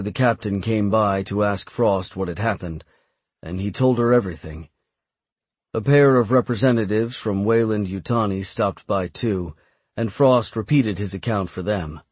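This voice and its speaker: A male audiobook narrator with a low, husky voice, reading steadily and measuredly. The sound is close and dry. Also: darkish tone, dry recording. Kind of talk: scripted narration.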